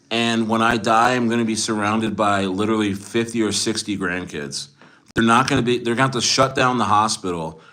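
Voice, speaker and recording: A man's voice: on the low side, pushed and bright. A man in his forties hosting a livestream, chatting boastfully with viewers in a rambling way full of restarts. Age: 40s.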